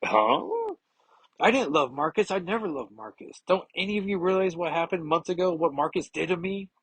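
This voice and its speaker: Guy reading a hurt angry heroine, husky voice, dry sound. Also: medium pitch, steady tone, moderate pace, no echo, close to an everyday voice, rough recording. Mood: anguished. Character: grieving angry woman superhero.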